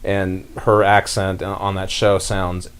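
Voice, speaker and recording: A man's voice: sits low, level tone, slow, clean tone. A young man from North Carolina hosting a casual podcast chat and rambling through his points with many fillers. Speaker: podcast host.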